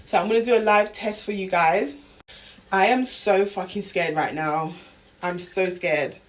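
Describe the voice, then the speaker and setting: A woman's voice: medium pitch, a little slow. A woman vlogging casually, talking straight to her viewers and swearing freely. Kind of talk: casual vlog.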